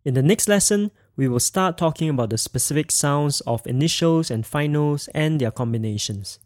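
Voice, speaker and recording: A man teaching a podcast language lesson, speaking slowly and clearly as he demonstrates tones. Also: a little high, a little mellow, no room sound, clean studio sound.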